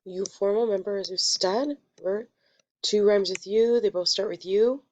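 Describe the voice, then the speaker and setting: A woman teaching a Spanish lesson, explaining step by step in a patient way and quickly correcting her own slips. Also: mid-range voice, a little mellow. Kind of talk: recorded classroom lesson.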